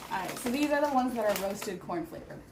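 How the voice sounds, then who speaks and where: A woman's voice: medium pitch, animated, brisk, very noisy. A woman in her thirties chatting casually on a vlog while eating, rambling with lots of filler words. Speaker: vlogger. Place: home in Seoul.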